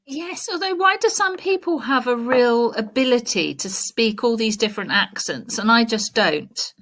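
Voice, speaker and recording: A woman's voice: on the high side, expressive, normal speed, fairly bright tone. A woman with an English accent in casual chat, reflective and earnest, talking at length. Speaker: guest.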